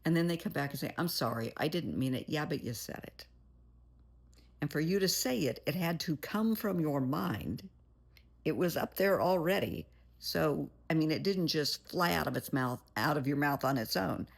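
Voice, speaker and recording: A woman's voice: low-pitched, lively intonation, moderate pace, creaky, husky. A woman therapist giving blunt, plain-spoken advice in a monologue, calling the listener "honey". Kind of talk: motivational monologue.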